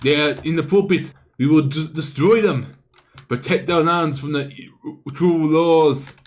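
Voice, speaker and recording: Man doing a monk commander, game leader, high raised voice, louder, urgent rallying orders. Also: unhurried, slight background noise, natural voice. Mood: commanding.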